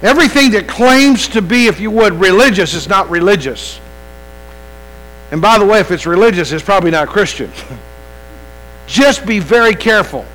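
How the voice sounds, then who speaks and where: A high-voiced man preaches to his congregation in a loose, conversational way, stumbling over restarts and asking them direct questions. A low electrical hum runs under the whole recording. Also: animated, normal speed, long pauses, a bit bright, rough recording. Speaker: pastor. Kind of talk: evening sermon. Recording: mains hum behind.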